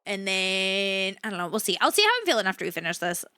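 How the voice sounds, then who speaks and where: A woman streamer chatting casually while playing a game, relaxed and rambling. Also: medium pitch, fast, clean tone, dry recording. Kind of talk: casual chat while gaming.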